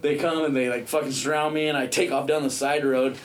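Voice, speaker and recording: A man's voice: a little high, fairly even intonation, brisk. A man casually telling a long, profane story, peppering it with "dude" and "you know what I mean".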